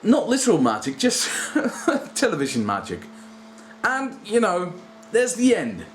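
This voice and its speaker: A man's voice: sits high, a little slow, slight background noise. Guy in his 30s doing a chatty review, bouncy up and down voice, laughs at himself a lot. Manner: animated, laughs often, self-deprecating. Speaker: video reviewer. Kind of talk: casual spoken review.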